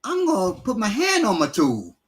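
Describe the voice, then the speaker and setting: A man's voice: high-pitched, huge pitch swings, moderate pace, poor audio. A man teaching martial arts on a casual live stream, answering questions in a blunt, streetwise way, sometimes swearing and often using fillers.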